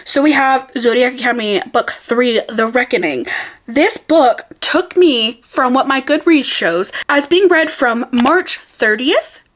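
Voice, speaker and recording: A woman's voice: sits high, expressive, a little slow, a bit bright. A young woman chatting casually about books on her vlog, bubbly and rambling, laughing often and poking fun at herself. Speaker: book vlogger. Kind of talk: casual chatty book review.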